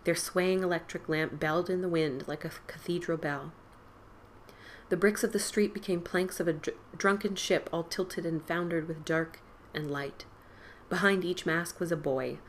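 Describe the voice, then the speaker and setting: A woman podcast host reading a spooky story aloud in an expressive storybook style, dropping to whispers and rising for the characters' cries. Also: lowish voice, normal speed, slight background noise. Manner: dramatic, drops to whispers and lifts for quoted boys' cries.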